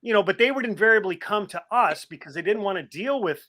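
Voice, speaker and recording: A man who is a guest sports broadcaster, chatting casually and telling lively anecdotes while imitating old colleagues. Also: sits high, quick pace. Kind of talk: casual reminiscing chat.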